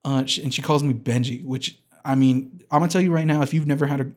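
A man's voice: mid-range voice, fairly even intonation, fast, a little mellow. A man hosting a podcast, delivering a comedic rant that is rambling and hyperbolic and keeps interrupting and restarting itself. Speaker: podcast host.

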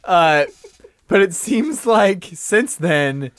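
A man co-hosting a sports podcast, chatting casually, animated, exclaiming and joking. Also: high-pitched, extremely slow, no echo. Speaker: podcast co-host. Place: room with a window open.

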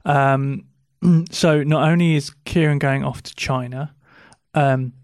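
A man co-hosting a podcast in easygoing, rambling casual chat, often clearing his throat. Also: mid-range voice, fairly even intonation, takes it slowly, a little mellow, dry recording, studio quality. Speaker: podcast co-host.

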